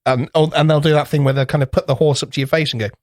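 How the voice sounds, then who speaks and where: A man's voice: fairly high pitch, fairly even intonation, very fast, darkish tone, dry recording, clean studio sound. A man co-hosting a podcast in casual chat, rambling through anecdotes, swearing freely and acting out little voices. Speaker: podcast co-host.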